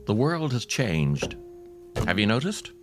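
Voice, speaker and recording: A podcast host reads his own essays aloud in a slightly low voice, with a wry, dry humor. His delivery rises and falls freely, and his storytelling is unhurried and reflective. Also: sing-song, over music.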